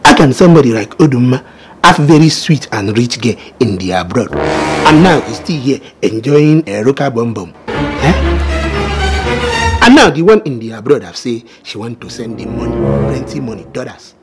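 A man's voice: mid-range voice, big pitch swings, moderate pace, over music, lightly acted. An actor playing a teasing, envious friend who mocks his broke buddy, speaking with a Nigerian accent. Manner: teasing, mixes pidgin with English. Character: mocking skeptical friend, envious and sly. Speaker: comic skit actor. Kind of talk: comedy skit acting.

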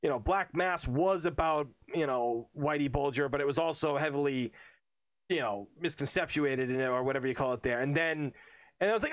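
A man with a Boston accent, a podcast guest chatting casually, animated and swearing freely. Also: a little high, moderate pace, no room sound, clean studio sound. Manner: swears a lot, animated storytelling.

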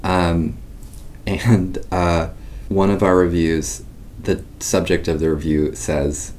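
A man's voice: low-pitched, flat delivery, takes it slowly, a little mellow, slight background noise. Playful male podcast co-host. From raised Mormon. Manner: playful, joking, earnest at times. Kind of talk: casual podcast chat.

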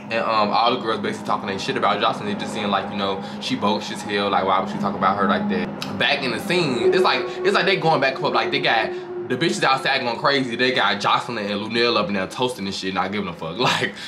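Recapping a reality show on the channel he hosts, this man speaks fast in a lowish voice, dishing gossip with profanity and theatrical flair. The recording carries noticeable background noise.

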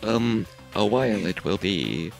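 A man voicing a calm, helpful male AI program in a flat robot delivery, speaking with backwards word order while reading game lines. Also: on the low side, unhurried, creaky, music in the background.

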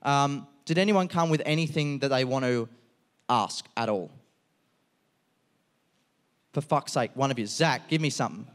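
A man's voice: mid-range voice, normal speed, long pauses. A man, hosting a live stand-up show, swearing freely and riffing with the crowd. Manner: profane, animated, riffing with the crowd. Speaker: comedian host. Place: live venue before an audience.

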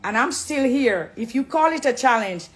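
A woman's voice: sits high, moderate pace. Jamaican woman preaching to camera. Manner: animated, preachy, affectionate, mixing patois. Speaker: dancehall artist. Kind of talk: casual direct-to-camera talk.

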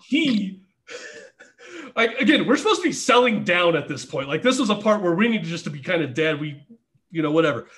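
A man's voice: sits high, sing-song, moderate pace, pauses often, fairly bright tone. A middle-aged man telling wrestling stories in a casual podcast chat, laughing often and swearing freely. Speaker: podcast guest, former pro wrestler.

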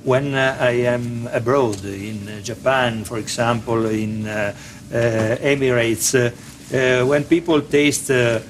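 A man with an Italian accent, an artisan chocolate maker answering questions in halting English full of "uh" pauses. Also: medium pitch, fairly even intonation, slight background noise. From Turin, Italy. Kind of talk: interview answers.

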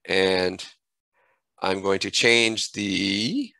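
A man giving a screen-recorded software tutorial, thinking aloud and correcting himself as he clicks through menus at a desk microphone. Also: sits low, very slow, vocal fry, no room sound, low-quality recording.

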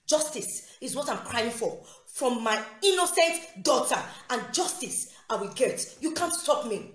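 A woman's voice: on the high side, lively intonation, a little slow. A Nigerian woman and mother in a heated, repetitive, confrontational rant. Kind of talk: angry direct-address rant. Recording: roomy echo with faint music.

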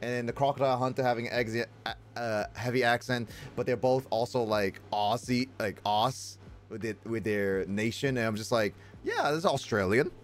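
A man's voice: mid-range voice, fairly even intonation, moderate pace. A man streaming and chatting casually with viewers, rambling with lots of fillers and restarts.

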